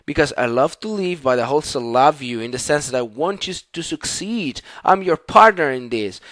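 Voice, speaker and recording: A man's voice: fairly high pitch, fairly bright tone, no room sound. A man with an Italian accent, native Italian, teaching Italian in an online lesson with enthusiasm and many fillers and restarts.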